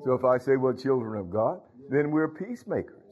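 A pastor preaches in a folksy, conversational way, addressing his congregation directly. His voice is husky and sits mid-pitch for a man. The recording is dull and lo-fi. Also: lively intonation, a little fast. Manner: folksy, talks to congregation, frequent hallelujahs and laughs. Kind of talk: sermon.

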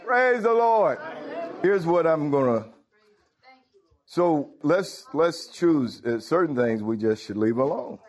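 A man preaching a sermon in an emphatic manner, rising often into high, ringing exclamations of praise. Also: lively intonation, takes it slowly, some chatter behind. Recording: dull lo-fi sound.

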